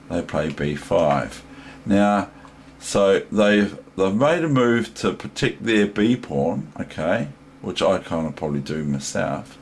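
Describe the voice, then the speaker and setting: New Zealand man, low voice, unhurried, rambling chess tutor walking through a game. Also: slight background noise. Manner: rambling, digressive, thinking aloud. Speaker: chess teacher. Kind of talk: casual chess lesson.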